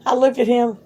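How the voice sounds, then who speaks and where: A middle-aged woman talks to her grown son, spinning long stories in a blunt, animated way. She swears freely and talks to him straight. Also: a little high, breathy edge. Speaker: mother talking to her son. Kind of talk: casual storytelling.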